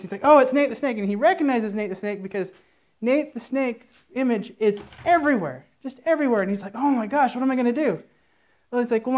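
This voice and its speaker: A man's voice: sits high, a little mellow. A man giving a conference talk, telling a long, rambling joke story in a playful way before starting his presentation. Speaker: conference speaker. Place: conference room.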